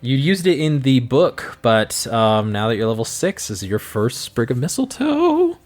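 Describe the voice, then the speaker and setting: A man narrating as game master for a tabletop game, upbeat and quick to react. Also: mid-range voice, sing-song.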